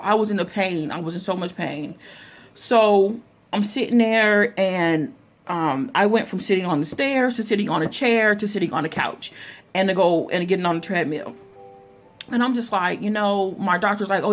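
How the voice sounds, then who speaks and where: A young woman telling a story to her viewers, chatty, calling them y'all, full of fillers and restarts. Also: mid-range voice. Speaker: vlogger. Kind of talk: casual storytime vlog.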